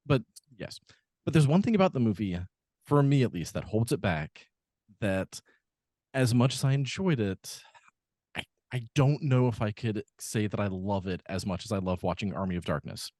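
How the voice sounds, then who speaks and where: A man's voice: fairly low pitch, expressive, moderate pace, darkish tone, no echo, clean studio sound. A man co-hosting a podcast, talking through a film in casual chat with lots of fillers and restarts. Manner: rambling, many fillers and restarts. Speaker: podcast co-host.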